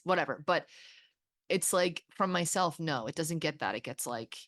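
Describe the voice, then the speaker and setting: A woman hosting a podcast, talking candidly and swearing freely, with halting restarts. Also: sits low, lively intonation, fairly bright tone, no room sound, studio quality. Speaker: podcast host. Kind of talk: candid therapy-style conversation.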